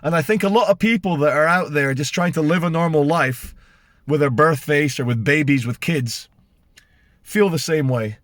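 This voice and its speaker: A middle-aged man from Britain tells a story to camera with mounting indignation and heavy sarcasm. His voice sits high for a man. The sound is dry and close, with no room around it. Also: moderate pace, a bit bright, no echo. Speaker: vlogger. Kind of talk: casual storytelling rant to camera.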